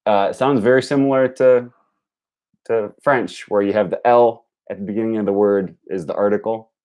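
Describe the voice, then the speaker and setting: A young man thinking aloud on a live stream, slowly repeating words as he practises them. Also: lowish voice, fairly even intonation, a little mellow, clear, resonant tone. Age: young adult. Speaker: language learner streaming. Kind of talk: casual live-stream commentary.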